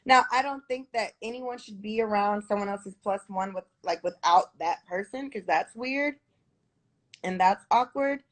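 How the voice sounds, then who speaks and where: A woman's voice: mid-range voice, measured pace. A woman in a heated conversation, defending herself with many fillers and restarts.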